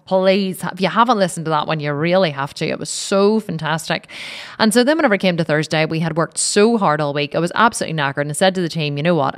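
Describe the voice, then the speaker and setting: Animated, chatty Irish woman podcast host. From Ireland. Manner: chatty, swears casually, animated swings in pitch. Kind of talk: casual solo podcast intro.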